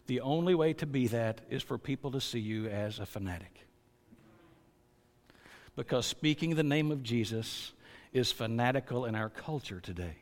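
A man preaching a sermon as pastor, earnest and building to loud, emphatic stresses. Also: on the high side, big-room sound.

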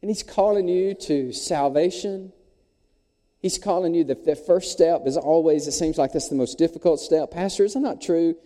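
A man, preaching a sermon in a folksy, animated storytelling way. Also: on the high side, normal speed, long reverb tail. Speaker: pastor. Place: church sanctuary.

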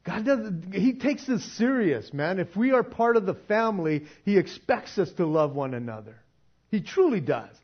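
Male preacher, casual sermon, chatty and emphatic, slightly high voice, dull lo-fi recording. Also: very animated, normal speed, husky. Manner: conversational, laughs often, swings from quiet to emphatic.

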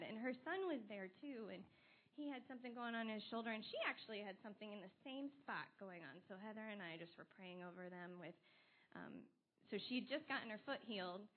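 A woman telling a testimony in church, talking casually with lots of fillers and growing excitement. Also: mid-range voice. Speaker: church member giving testimony. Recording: tinny phone-like sound with faint noise.

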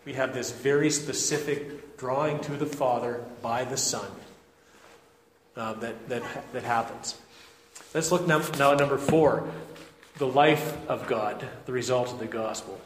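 A man preaching an expository sermon in an earnest, deliberate way, often restarting his phrases. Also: medium pitch, slight background noise. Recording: echoey hall with faint ambience.

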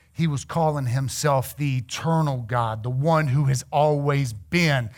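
A man preaching a sermon, telling Bible stories with lively acted-out dialogue and sudden hushed passages. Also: measured pace, few pauses. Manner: animated storytelling, acts out biblical figures; drops to a hushed low voice for emphasis.

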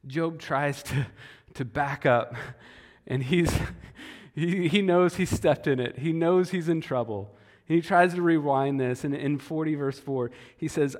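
Male pastor, sermon, unhurried, expressive pitch, hall echo. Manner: animated, conversational, repeats words. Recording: long hall reverb.

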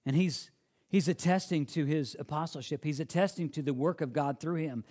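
A man's voice: a little high, normal speed, darkish tone. Earnest man preaching a sermon. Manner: earnest, emphatic, with restarts and quoting scripture.

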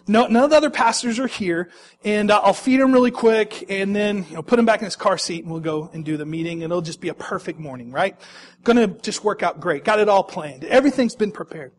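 A young adult man, a pastor, telling a self-mocking personal story to an audience in an animated way. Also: sits high, fairly quick. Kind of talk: personal anecdote told to an audience.

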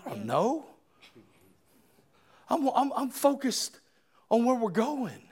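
A man preaching a sermon in a church, impassioned, rising to shouts and then dropping low and earnest. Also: wildly swooping pitch, slow pace, husky. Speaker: pastor.

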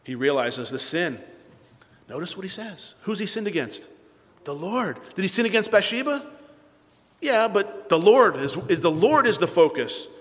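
A man's voice: sits high, moderate pace. Fervent preacher man in reverberant hall. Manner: animated preaching, swinging between loud bursts and hushed asides. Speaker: pastor. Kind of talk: sermon.

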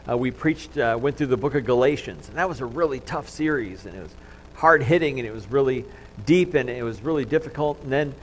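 A man preaching a sermon as pastor in a church, talking in a conversational, self-deprecating way and dropping to a soft hush at times. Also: mid-range voice, brisk, slight background noise, low-quality recording. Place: church sanctuary with congregation.

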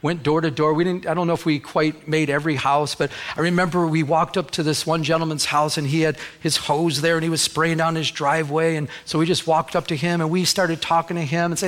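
A middle-aged man preaching a sermon as a pastor, conversational and animated, often restarting his words as he tells stories. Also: sits high, fast, hardly any pauses. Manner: conversational, animated storytelling with repeated word restarts.

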